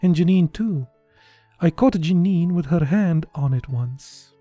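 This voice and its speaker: A man from Romania with a Romanian accent, reading a short story aloud in a slow, deliberate way and breaking off into casual asides. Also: on the high side, expressive, dark tone, no echo, faint music behind.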